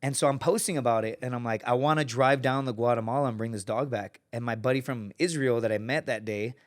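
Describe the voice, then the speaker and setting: A man in his thirties tells a long, loose story as a podcast guest. He swears freely, and his voice sits at an ordinary middle pitch. He slips into little voices for the people in his tale. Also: quick pace. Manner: profane, lively anecdote-telling, acts out quoted people. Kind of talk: casual storytelling.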